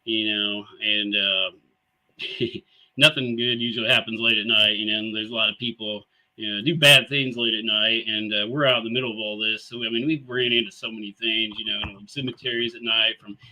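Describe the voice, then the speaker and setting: A man talks casually as the host of a live show, pitched a little low. He rambles easily through his stories, full of fillers and light laughs. His voice has a very bright, forceful edge. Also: steady tone, fairly quick, poor audio. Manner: easygoing, rambling with many fillers and chuckles.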